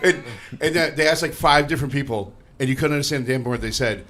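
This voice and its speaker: A man's voice: medium pitch, fast, a bit bright. A man in casual podcast chat, telling stories and dropping into put-on voices for the people he quotes. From northeastern United States. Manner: storytelling with put-on voices, profane. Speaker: podcast co-host.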